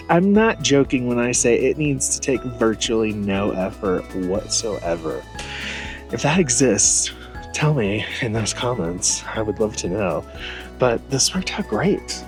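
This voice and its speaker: A man's voice: medium pitch, low-quality recording. A man vlogging casually while camping outdoors in a truck bed, chatty and poking fun at himself. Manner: chatty, self-mocking, laughs at himself. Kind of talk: casual vlog chat.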